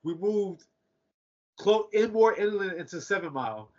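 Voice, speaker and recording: A young man from Detroit with a high voice, chatting on a podcast. He rambles through profane stories with bursts of laughter, and the audio sounds dull and lo-fi. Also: expressive, normal speed, a little mellow. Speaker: podcast co-host. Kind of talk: casual chat.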